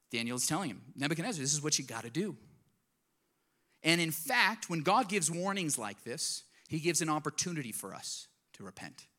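A man's voice: medium pitch, pushed and bright. Earnest male pastor preaching. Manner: earnest, conversational preaching with direct questions to the congregation. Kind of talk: sermon.

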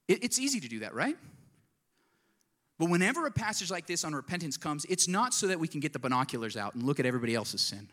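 Guy pastor giving a sermon, kinda high voice, talks straight to the room, earnest. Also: very animated, quick pace, fairly bright tone. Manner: earnest, conversational preaching with direct questions to the congregation.

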